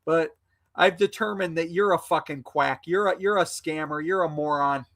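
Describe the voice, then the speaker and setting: High bright-voiced man hurling angry insults. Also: normal speed, gravelly. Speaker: guest on a live stream. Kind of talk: heated live-stream argument.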